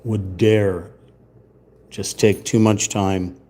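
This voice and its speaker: A man's voice: fairly low pitch, level tone, extremely slow, warm tone. A man hosting a live painting stream, rambling casually with sarcastic, mock-indignant asides. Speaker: channel host.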